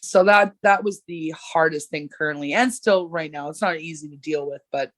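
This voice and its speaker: A woman's voice: low-pitched, moderate pace, fairly bright tone, dry recording. A woman from Canada talking as a podcast guest over a video call, joking bluntly and swearing freely. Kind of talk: casual chat.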